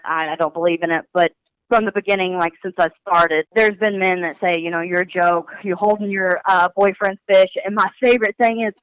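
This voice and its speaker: A woman who works as a fishing guide, talking candidly in an interview and acting out remarks people make to her in an animated way. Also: medium pitch, smooth, dry recording, poor audio. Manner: animated, acts out quoted remarks.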